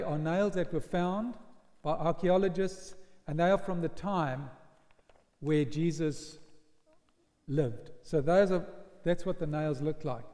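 A man preaching a sermon, telling a story in an animated way and acting out the voices of its people. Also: high-pitched. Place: church. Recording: long church hall reverb.

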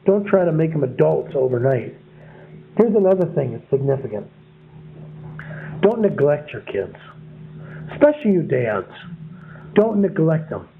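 Man preaching, folksy and rambling, high voice, thin phone-like sound. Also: very animated, a little slow, vocal fry, pauses often, a little hiss or hum. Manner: rambling, anecdotal, chuckles at his own stories. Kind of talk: folksy sermon on parenting.

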